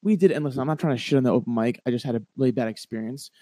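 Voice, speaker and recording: A young man, a comedian, chatting casually and telling stories with lively acted-out voices. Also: medium pitch, racing, no room sound, studio quality. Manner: animated storytelling, acts out other voices. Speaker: comedian guest. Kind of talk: casual podcast chat.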